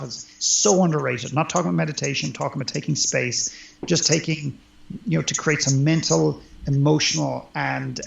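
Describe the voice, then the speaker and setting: In a roomy, dull lo-fi recording, a man who works as a life coach talks conversationally as an interview guest, earnest and emphatic. His voice sits on the high side and has vocal fry.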